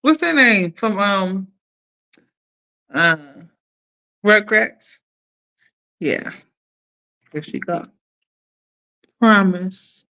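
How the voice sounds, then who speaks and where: A woman hosting a casual livestream, playfully chatting with viewers, shouting them out and laughing often. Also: medium pitch, animated, very slow, long pauses, lo-fi sound. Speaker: livestream host.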